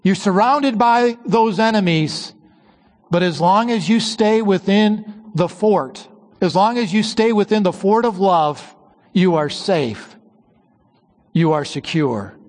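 A man preaching a sermon, slowing down and dropping his voice low on key phrases. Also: a little mellow, in a large hall. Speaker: pastor.

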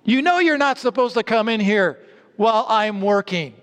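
An exasperated father scolds his little son, his voice pushed high and sharp, as a male preacher acts him out. The words ring on through a long reverberant hall. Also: animated, moderate pace, clear, resonant tone. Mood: scolding. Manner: shouting-scolding, rising and sharp.

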